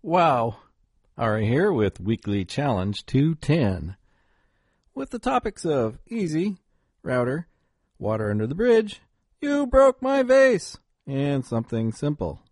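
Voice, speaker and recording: A man's voice: mid-range voice, very animated, slow pace, darkish tone, no room sound. A man introducing and reading his own short story in a playful, self-mocking way. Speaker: story contributor.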